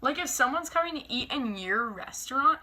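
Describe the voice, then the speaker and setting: A young woman vlogger telling a storytime in a casual, animated, exasperated way, full of fillers. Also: sits high, moderate pace, heavy background noise. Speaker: lifestyle vlogger.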